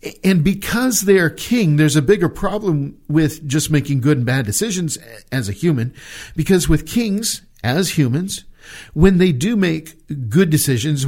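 A man from the United States delivers a sermon in a slightly high voice. He speaks earnestly, often restarting and repeating words. He slows down to press his key points home. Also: a little mellow. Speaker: pastor.

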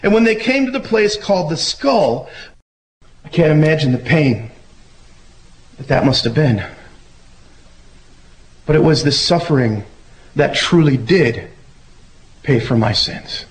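A man giving a relaxed, conversational sermon who acts out the voices he quotes. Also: a little high, unhurried, long pauses, low-quality recording. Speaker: preacher. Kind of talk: casual sermon.

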